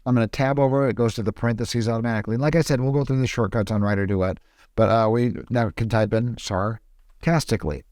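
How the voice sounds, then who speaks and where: A man explaining film production in a casual, screen-recorded tutorial, often pausing and restarting his sentences. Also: medium pitch, fairly even intonation, darkish tone, no echo, clean studio sound. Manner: hesitant, with frequent restarts.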